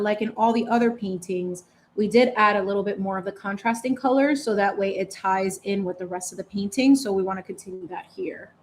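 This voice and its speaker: A woman's voice: on the high side, a bit bright. A woman hosting a casual paint-along chat, talking in a chatty, playful way with lots of slang. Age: adult parent. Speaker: channel host.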